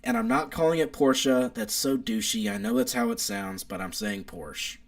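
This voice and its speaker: A young man chatting casually on a live stream with an animated, rambling delivery. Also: moderate pace, vocal fry. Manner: animated, rambling car enthusiast, wide pitch swings.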